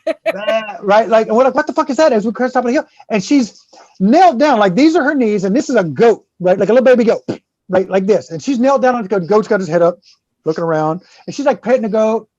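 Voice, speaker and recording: A man's voice: high voice, lively intonation, fast, darkish tone, dry recording. A man guest-hosting a casual podcast talks in a dull, lo-fi mic sound with a dry, close feel. He swears freely and acts out the people in his stories. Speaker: guest host.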